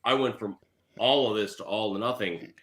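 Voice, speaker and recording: A man hosting a motorcycle podcast, telling stories in a joking, animated way. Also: on the low side, moderate pace, a crowd in the background. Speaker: podcast host. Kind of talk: casual chat.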